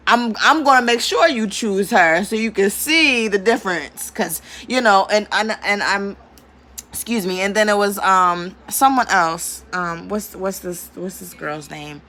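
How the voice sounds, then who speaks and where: A spiritual vlogger delivers a casual, storytelling rant in a medium-pitched voice with a bright, forceful edge, keeping a measured pace. She talks animatedly, laughs often and curses freely.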